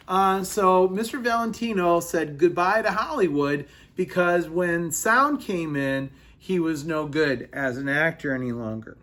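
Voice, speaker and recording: A man teaching a recorded history lesson to his students, talking haltingly with many fillers and repeating his sentences. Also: a little high, a bit bright.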